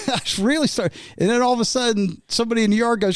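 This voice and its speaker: A man's voice: extremely high pitch, big pitch swings, fast, hardly any pauses, no echo. A man guest telling casual anecdotes in a laid-back way, chuckling often. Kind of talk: casual storytelling.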